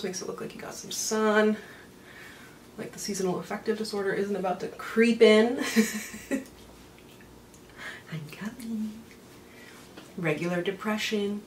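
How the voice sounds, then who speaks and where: A woman's voice: mid-range voice, fairly bright tone. A woman chatting casually through a makeup tutorial, rambling with self-mocking asides. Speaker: beauty vlogger. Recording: roomy, mic set back, faint hiss.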